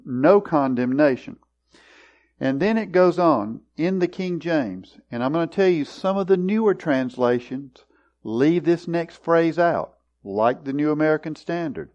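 Slow, deliberate male Bible teacher. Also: a little high, lively intonation, darkish tone. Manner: deliberate, explanatory, often clears his throat. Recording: dull lo-fi recording.

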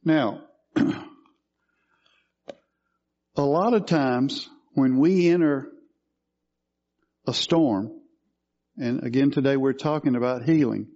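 Guy preaching, warm mellow voice, kinda dull lo-fi sound, asks the crowd questions. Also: mid-range voice, slow pace, long pauses. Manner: teaching, asks questions of the congregation. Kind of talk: sermon.

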